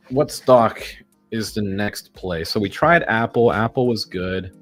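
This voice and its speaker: Deep-voiced man narrating his stock trades. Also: unhurried, soft background music. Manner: excitable, swearing, talks to the chart. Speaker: day-trading vlogger. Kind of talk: casual live trading commentary.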